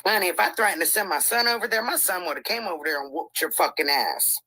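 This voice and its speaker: A woman's voice: lowish voice, animated, fast, bright, forceful tone, slightly rough, no room sound, low-quality recording. Emphatic, swearing woman telling a court story. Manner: emphatic, swears freely, acts out quoted voices. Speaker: guest recounting a court case. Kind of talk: animated storytelling.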